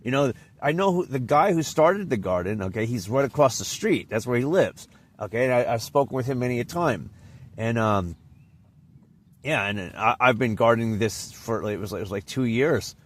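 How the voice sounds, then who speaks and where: A man's voice: mid-range voice, lively intonation, moderate pace. Rambling man telling a casual story. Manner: rambling, with frequent restarts and trailing off. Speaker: vlogger.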